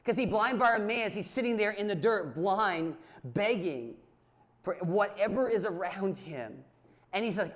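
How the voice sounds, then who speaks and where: A young man preaching a sermon as youth pastor, swinging from hushed asides to loud emphatic calls and repeating lines for emphasis. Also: sits high, animated, a little slow. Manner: repeats phrases for emphasis, asks the audience questions.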